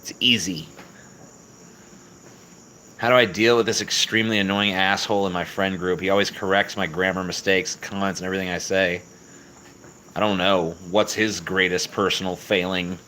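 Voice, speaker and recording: Low, bright-voiced profane streamer. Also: male voice, normal speed, a little hiss or hum, rough recording. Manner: profane, mocking, deadpan. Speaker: livestream host reading chat. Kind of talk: crude, sarcastic livestream chat.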